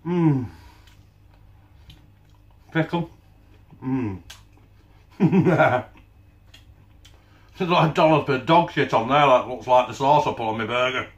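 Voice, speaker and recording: Hosting his cooking channel, a man with a medium-pitched voice speaks slowly and pauses often. He jokes around bluntly and swears a lot, occasionally chewing and talking at once as he tastes the food. The sound is lo-fi, in an echoey room.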